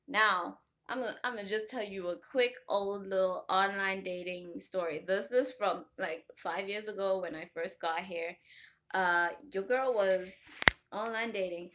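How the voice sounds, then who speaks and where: A young woman from Africa, chatting casually to camera and telling animated stories full of tangents and laughter. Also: mid-range voice. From South Africa. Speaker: vlogger.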